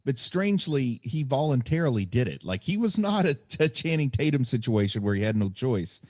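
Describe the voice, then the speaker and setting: A man talking movies on a podcast, sharing trivia with a lively, rising and falling delivery. His pitch sits in the middle range. The recording is dry and close. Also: a little fast, dry recording. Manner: chatty, trivia-sharing, laughs easily. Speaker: podcast co-host. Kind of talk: casual movie podcast chat.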